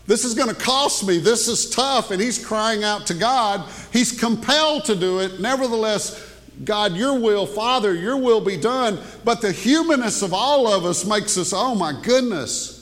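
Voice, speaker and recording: A male preacher with a slightly high voice talks to his congregation like a conversation. He drops into hushed asides and then lifts his voice to drive points home. A long reverb from the hall trails after his words. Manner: conversational preaching, swinging between hushed asides and raised emphasis. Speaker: pastor. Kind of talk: sermon. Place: church sanctuary.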